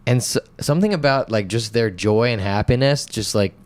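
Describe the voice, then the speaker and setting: In a lowish voice and at a brisk clip, a young podcast co-host from North Carolina tells a story during casual chat. He's animated and self-mocking, swearing freely and acting out the quotes.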